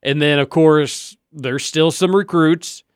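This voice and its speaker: A man in casual sports talk, opinionated and animated, jumping in with quick rebuttals. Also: fairly high pitch, smooth, no room sound, clean studio sound.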